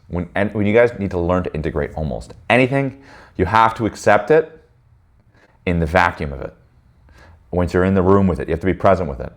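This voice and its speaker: A man with a very low, deep voice gives a casual motivational talk to a men's group. He is blunt and emphatic, swears freely, and keeps asking his listeners "right?". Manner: addresses listeners with frequent "right?" tags.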